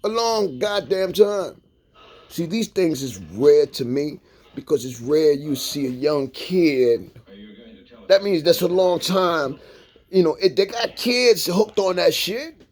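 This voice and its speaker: A middle-aged man vlogs a heated, profane sermon at his viewers, full of street slang and closing lines with "man" and "you dig." His fairly high voice is animated yet slow, with a slightly mellow tone.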